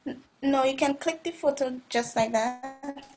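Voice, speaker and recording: A woman's voice: high voice, moderate pace, darkish tone, faint music behind. A woman giving step-by-step directions in a casual video call. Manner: instructive, gives step-by-step directions. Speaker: team member showing the steps.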